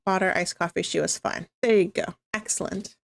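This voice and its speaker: A woman's voice: medium pitch, steady tone, fairly quick, creaky. A young woman from Canada chatting cheerfully on a live stream, laughing often as she talks with her viewers. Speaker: streamer and game host. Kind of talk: casual live-stream chat.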